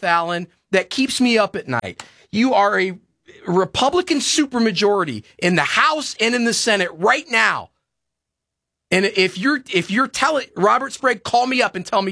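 A man's voice: high voice, lively intonation, normal speed, gravelly, pushed and bright, no room sound, clean studio sound. A man hosting a talk radio show, ranting and pleading in a heated, impassioned way.

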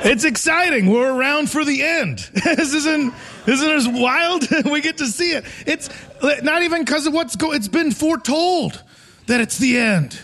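High-pitched rambling stand-up man. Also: animated, unhurried, pushed and bright. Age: 40s. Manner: rambling, self-mocking, laughs through lines. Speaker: stand-up comedian. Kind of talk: live stand-up set. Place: theater stage before a live audience.

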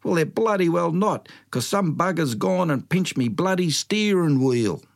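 A man voicing an indignant old Australian bushman who calls out loud complaints in broad slang. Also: fairly high pitch, animated, unhurried, vocal fry, voice pushed up.

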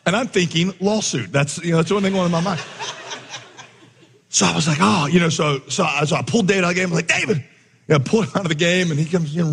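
A man delivers a sermon in a slightly high, husky voice, spinning a lively story and acting out each character. His voice rings through a large hall with a long reverb tail. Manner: animated storyteller, acts out voices with big pitch jumps. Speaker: pastor.

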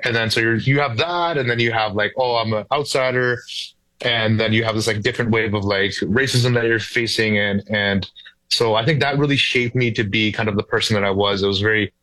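A young adult man, a comedian guest, talking casually in an interview, relaxed with lots of "like" fillers and playful quoted asides. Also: on the low side, a little fast, no echo, low-quality recording.

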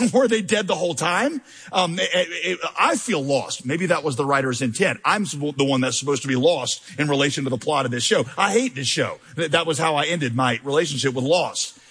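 A man preaching a conversational, animated sermon as pastor, mixing self-deprecating humor with intense scripture reading. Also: fairly high pitch, a little fast, hardly any pauses, husky. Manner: reads scripture with rising intensity.

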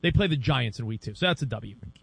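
A man co-hosting a sports talk show, debating excitedly and correcting himself as he goes. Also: creaky, breathy edge, no echo. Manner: excitable, jumps around in pitch, quick self-corrections.

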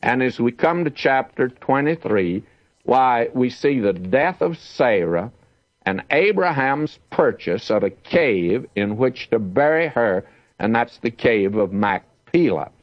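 A man's voice: mid-range voice, lively intonation, slow, no echo, dull audio. A man teaching the Bible verse by verse, reading scripture aloud with emphasis.

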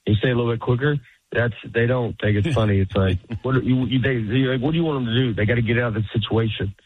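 A man's voice: mid-range voice, fast talker, slightly rough, no echo. A man talks as a comedian guest in a loose, rambling interview. He breaks into laughs and slips into little voices for the people he quotes. The sound is narrow and phone-like, and it is quite dry. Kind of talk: casual interview chat.

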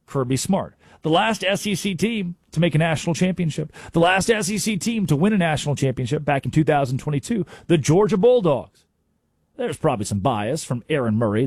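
A man's voice: on the high side, a little mellow, breathy edge, no echo, clean studio sound. A man hosting a sports talk radio show, delivering an emphatic, opinionated monologue.

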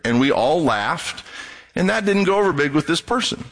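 A man's voice: expressive, normal speed, a bit bright. A middle-aged male pastor preaching a sermon in a conversational way, breaking into other voices when he quotes people. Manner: conversational, acts out quoted voices in a raised pitch.

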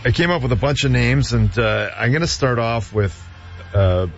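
A man's voice: medium pitch, animated, normal speed, creaky, muffled recording, soft background music. A man, a former hockey player, telling stories in casual sports chat with many fillers and restarts.

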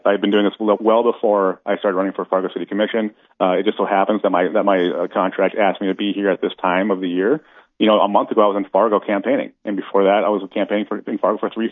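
A man from North Dakota, a city commission candidate, calling in to a radio interview and talking quickly with many restarts. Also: lowish voice, dry recording. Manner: rapid, halting restarts. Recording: tinny phone line, dry.

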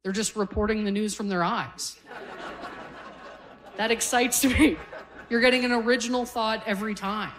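A woman's voice: on the high side, steady tone, moderate pace, long pauses. A woman in her forties from Canada doing stand-up comedy on a stage with a handheld mic, telling self-deprecating stories in a conversational way. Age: 40s. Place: comedy stage before a live audience.

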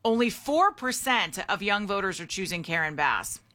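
Bright-voiced talk radio hostess. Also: female voice, mid-range voice, expressive, normal speed. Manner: chatty, opinionated, reads out poll figures and the call-in number. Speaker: radio show host.

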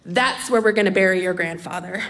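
A woman voicing her blunt, scheming grandmother in her late seventies, said in a flat, matter-of-fact way. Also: lowish voice, a little fast, voice pushed down. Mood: deadpan. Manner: matter-of-fact, deadpan delivery. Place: live storytelling stage with audience. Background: audience laughter.

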